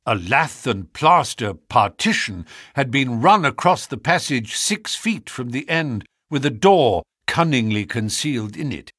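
Brief: male narrator, measured and expressive, dry studio read. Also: medium pitch, breathy edge, no room sound. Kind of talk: audiobook narration.

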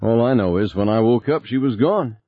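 A man's voice: animated, normal speed, no echo, lightly acted. A man voicing an anxious, placating man who coaxes and soothes, in a slightly raised voice, on a slightly dull recording. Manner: soothing, coaxing, somewhat higher voice. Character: middle-aged man, anxious, placating, suspicious.

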